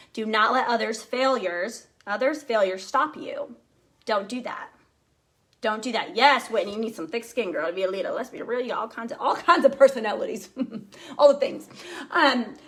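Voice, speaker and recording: A woman sales team director giving an energetic, chatty motivational talk, speaking straight to her listeners. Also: high-pitched.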